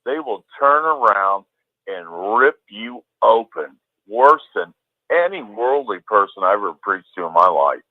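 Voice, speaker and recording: A man's voice: fairly low pitch, very animated, a little slow, dry recording. Male caller, heated and emphatic, swears; tinny phone audio. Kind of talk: call-in ranting.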